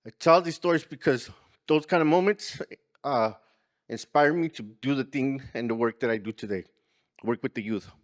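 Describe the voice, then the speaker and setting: A man's voice: medium pitch, normal speed. A man telling an earnest personal story at a community gathering, acting out the lines of people in it. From California. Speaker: community organizer speaker. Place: conference room.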